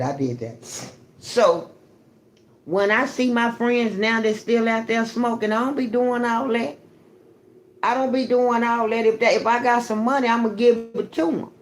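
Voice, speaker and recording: Woman livestream host, casual storyteller, profane, animated, repeats herself. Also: on the high side.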